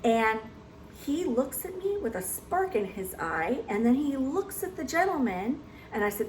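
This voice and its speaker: A woman's voice: high voice, very animated, unhurried, a little hiss or hum. A woman vlogger telling a story in a chatty way, acting out what others said. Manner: chatty, acts out quotes of others. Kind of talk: casual storytelling. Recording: echoey room.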